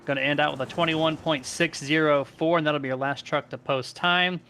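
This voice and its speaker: Bright-voiced male sim racing commentator. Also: a little high, steady tone, slight background noise. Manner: brisk play-by-play reading of times and positions. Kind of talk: race commentary.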